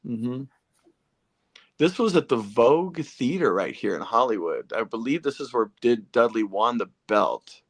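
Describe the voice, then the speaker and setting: A man's voice: medium pitch, animated, measured pace. A man hosting a casual interview, telling stories animatedly and addressing listeners as folks. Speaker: podcast host.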